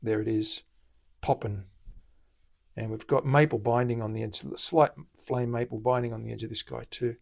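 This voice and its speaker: An Australian luthier hosts a live-stream from his guitar workshop, chatting casually as he demonstrates. His medium-pitched voice moves at normal speed with some vocal fry, and he's relaxed, explaining as he works.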